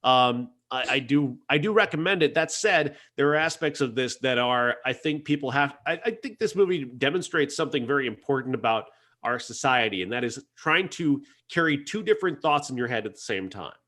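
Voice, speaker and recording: A man's voice: mid-range voice, expressive, brisk, sharp tone. A man reviewing a film on a podcast, talking earnestly and casually, with frequent restarts and self-corrections. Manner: earnest, hesitant with many restarts.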